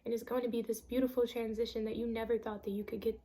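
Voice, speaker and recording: A woman's voice: a little high, level tone, fast talker, dark tone. A woman giving an earnest, emphatic self-help talk on a vlog, repeating phrases for stress. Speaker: vlogger.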